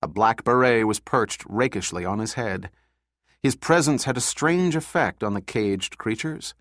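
A man reading an audiobook in a steady, measured narration. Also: medium pitch, no room sound, clean studio sound.

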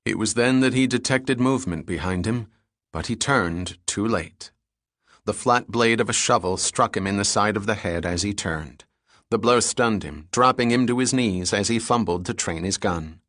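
A male audiobook narrator with a low voice tells the story in a steady, measured way. The recording is clean studio sound with no room sound.

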